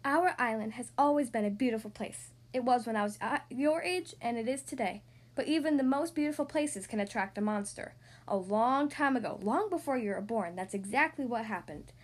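A woman voicing a grumpy older male building superintendent in a read-aloud storybook, gruff and grumbling. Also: very high voice, lively intonation, a little fast. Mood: solemn.

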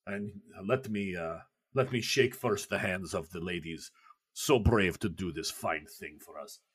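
A man voicing a burly male Soviet official with a heavy put-on Russian accent and slow, formal broken phrasing. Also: low voice, husky, voice pushed down. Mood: gruff.

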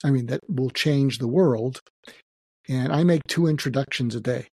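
An older man talks in a halting, reflective way, often restarting his sentences. His voice is husky and sits in a mellow, low register. The recording is dry and close. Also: no room sound. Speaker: guest psychiatrist. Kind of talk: emotional personal interview talk.

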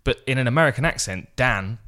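A middle-aged man, a fight commentator, co-hosting a podcast in a relaxed, chatty way and laughing easily. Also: mid-range voice, fairly quick. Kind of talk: casual podcast chat.

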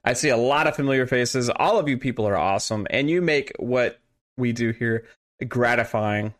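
A man in the host seat of an online podcast, joking his way through introductions in a loose, filler-heavy way. His voice sits at an ordinary middle pitch. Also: normal speed, a bit bright. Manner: playful, joking, many fillers. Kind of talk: casual podcast chat. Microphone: online call setup.

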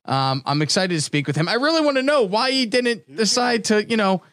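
High-voiced joking man, dry sound. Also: lively intonation, fairly bright tone, dry recording. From New Jersey shore. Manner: joking, quick banter. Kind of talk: casual chat.

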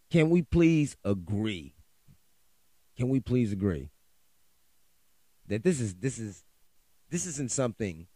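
A man's voice: mid-range voice, dry recording. A middle-aged man, hosting his own podcast and ranting with heated, profane exasperation. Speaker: podcast host. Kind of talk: solo podcast rant.

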